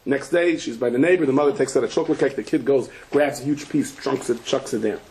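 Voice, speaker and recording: A rabbi gives a Torah lecture full of stories, sprinkled with Hebrew and Yiddish terms, in a mid-range voice at a quick pace. He tells them with animation, often restarting and shouting at punchlines. The audio quality is poor.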